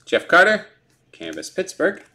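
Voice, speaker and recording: A man hosting a live card break, briskly listing player names and teams and chuckling over hard names. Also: high-pitched, huge pitch swings, bright, forceful tone. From Canada. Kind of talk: live sports card break, calling out pulls. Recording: noisy room with card-pack crinkling.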